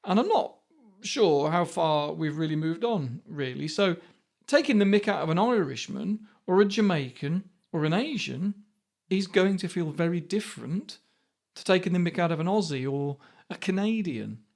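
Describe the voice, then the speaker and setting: A man's voice: sits high, a little mellow. A man in his fifties, hosting a podcast monologue in a conversational way with many rhetorical questions. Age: 50s. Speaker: podcast host.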